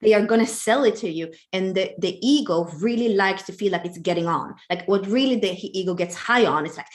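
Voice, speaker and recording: A woman's voice: mid-range voice, a little fast. A woman with a mid-range voice talking things through as a co-host. Her casual explanations lean on plenty of "like" fillers. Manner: explanatory, uses many filler "like"s. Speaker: podcast co-host, coach. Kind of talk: casual chat.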